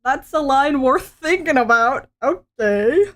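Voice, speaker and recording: A woman's voice: high voice, animated, slow pace. A woman streamer reading webtoons aloud, breaking off into joking, self-mocking comments.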